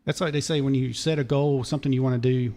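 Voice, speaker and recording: A hoarse, mellow-voiced man in his fifties with a drawl, easing through a long story as a podcast guest. He wanders into side details and loops back before carrying on. His tone sits warm and low at an even, middling pitch. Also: fast. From Charlotte area, North Carolina. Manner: digressive, detail-heavy storyteller. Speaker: podcast guest, former race mechanic. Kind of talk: long rambling story told in casual chat.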